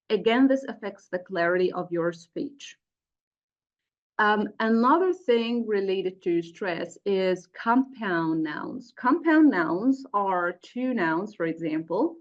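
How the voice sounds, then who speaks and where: A middle-aged woman lecturing teachers in a webinar, explaining step by step with frequent "um" and "uh" fillers. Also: medium pitch. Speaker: teacher trainer. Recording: dull lo-fi webinar audio.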